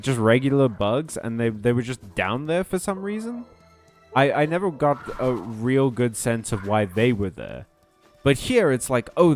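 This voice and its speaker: A man's voice: medium pitch, darkish tone. A man giving casual, profane, joking commentary while playing a game. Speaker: game streamer. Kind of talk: let's play commentary.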